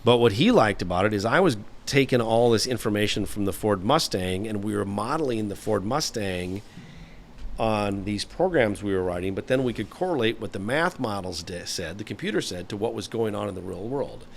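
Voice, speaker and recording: Male, 50s, low-pitched interview guest; rambling, anecdotal storyteller. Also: animated, normal speed, gravelly, slight background noise. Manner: rambling, anecdotal, frequent "you know" fillers. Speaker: guest, former automotive engineer.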